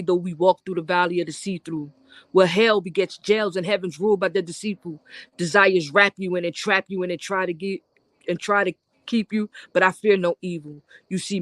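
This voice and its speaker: Spoken-word poet, mid-pitched voice, rhythmic verses with a sung chorus, dry booth sound. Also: dry recording. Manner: rhythmic, intense delivery that swings into a high, stretched-out sung chorus. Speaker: poet guest.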